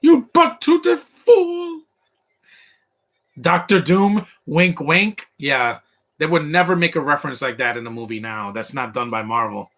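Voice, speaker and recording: A man's voice: medium pitch, moderate pace, bright, forceful tone. A man giving casual live commentary over a film, chatty and reacting as it plays. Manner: chatty, quotes film lines along.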